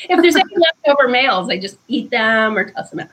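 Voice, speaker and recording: A woman guest author explaining ideas in conversation, thoughtful and unhurried, with frequent ums. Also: on the high side, very animated, fairly bright tone, slight background noise, poor audio.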